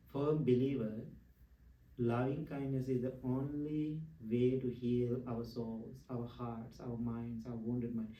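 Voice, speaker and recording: Animated monk in a roomy hall. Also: male voice, medium pitch. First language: not English. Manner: animated, laughs often, broken English. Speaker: Buddhist monk teaching. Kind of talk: dharma talk with personal stories. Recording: roomy hall, distant mic.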